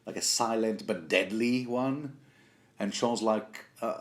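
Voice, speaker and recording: A man with a fairly low voice talks through a book chapter as a casual commentary host. He rambles, corrects himself mid-sentence and drops in jokey asides. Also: steady tone, unhurried.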